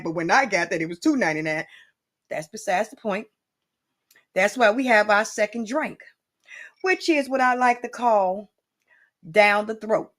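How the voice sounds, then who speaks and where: A woman's voice: medium pitch, fairly bright tone. A woman hosts an improvised comedy cooking show at a loose, meandering pace. She talks in a playful way and keeps turning to the viewer with chatty asides. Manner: rambling, playful and boozy-toned, with lots of asides to the viewer.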